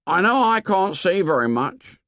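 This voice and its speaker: Man putting on Piggy, a fretful high-voiced schoolboy. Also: big pitch swings, a little slow, fairly bright tone, no echo, studio quality, full character voice. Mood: anxious. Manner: high, pleading, whiny. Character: anxious plump short-sighted schoolboy, fretful.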